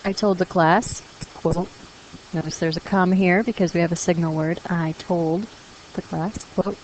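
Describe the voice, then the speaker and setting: A woman's voice: lowish voice, fairly even intonation, moderate pace, darkish tone, slight background noise, poor audio. A woman teacher explaining punctuation rules to her class in a patient, encouraging way, reading example sentences aloud. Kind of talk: classroom grammar lesson.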